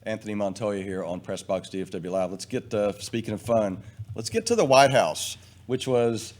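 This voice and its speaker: A man's voice: on the low side, lively intonation, normal speed, a little mellow. A man hosting a live talk stream, interviewing a guest with short affirmations and probing follow-up questions. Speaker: host.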